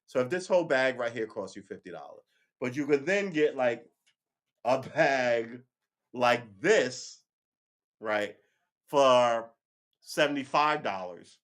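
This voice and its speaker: A man hosting a casual live stream, commenting on the news in a rambling, profane, joking way and often stopping to correct himself. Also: mid-range voice. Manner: rambling, profane and joking, addresses viewers as boys and girls; thinks aloud, often restarts and self-corrects.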